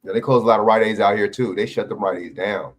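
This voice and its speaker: A man's voice: on the low side, fairly even intonation, fast. A man chatting as a guest on a livestream, laid-back and slangy, mostly agreeing. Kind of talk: casual chat on a livestream.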